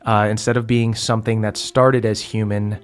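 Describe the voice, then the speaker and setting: A man narrating a tabletop game as game master, relaxed, with many fillers. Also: lowish voice, moderate pace, clear, resonant tone.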